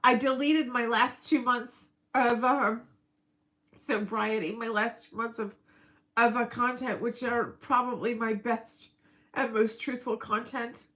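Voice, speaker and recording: A woman's voice: fairly high pitch, fairly even intonation, a little slow, fairly bright tone, rough recording. A middle-aged woman rambling through a casual personal vlog, emotional and breaking into laughs. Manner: rambling, emotional, laughs often mid-sentence. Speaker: vlogger.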